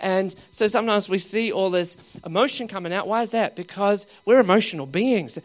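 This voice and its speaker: A preacher with a mid-range voice delivers a funny sermon a little fast, laughing often and asking the crowd questions. He swings between loud exclamations and quiet asides.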